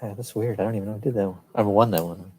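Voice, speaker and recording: A man's voice: fairly low pitch, very fast, dark tone, breathy edge. A man chatting easily as a guest on a live stream. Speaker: guest artist. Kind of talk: casual group chat.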